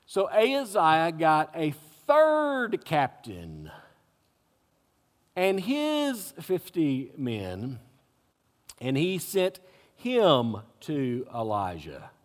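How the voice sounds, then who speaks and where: Slow, animated preacher man in echoing hall. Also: fairly high pitch. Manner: dramatic storytelling with wry humorous asides. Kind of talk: expository sermon. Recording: echoey hall.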